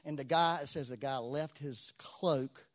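A man preaching a sermon, telling stories with lively swings between loud exclamations and quiet asides. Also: medium pitch, unhurried.

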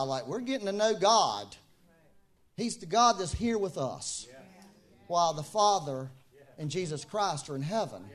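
A man with a notably high speaking voice delivers a sermon in a loose, conversational way. He circles back to his main phrases and says them again for emphasis, with plenty of casual fillers along the way. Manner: informal, repeats key phrases, many fillers. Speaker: preacher.

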